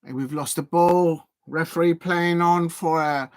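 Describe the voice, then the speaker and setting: A man's voice: fairly high pitch, measured pace, no room sound. A man hosting a fan watch-along of a football match, chatting and cheering at the action. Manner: excitable, cheers and pleads at the action, chatty asides. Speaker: football fan channel host.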